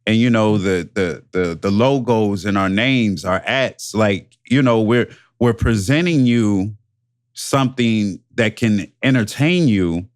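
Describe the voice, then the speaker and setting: A man's voice: on the low side, dry recording, clean studio sound. Man on a podcast, repeating himself. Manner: drawn-out, repetitive phrasing with many restarts. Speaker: podcast co-host. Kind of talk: casual podcast chat. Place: home podcast setup, webcam. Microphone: headset microphone.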